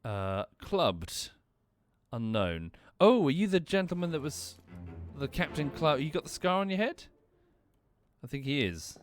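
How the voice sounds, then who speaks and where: A man gives casual commentary on his game stream, thinking aloud with a lively, swinging voice. He keeps apologizing and correcting himself, while faint game music plays underneath. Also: a little high, unhurried.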